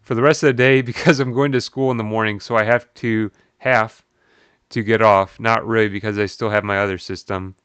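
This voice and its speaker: A man's voice: fairly quick, clear, resonant tone, dry recording. A man streaming live, reading old forum posts aloud and reacting with incredulous, swearing commentary and frequent laughter. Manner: animated, incredulous, swears, laughs often, jumps up in pitch.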